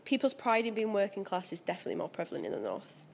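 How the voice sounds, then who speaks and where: A woman's voice: medium pitch, big pitch swings, racing, gravelly, a little hiss or hum. A young woman, chatting casually and with opinions in an interview and laughing often. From Leeds area, Northern England.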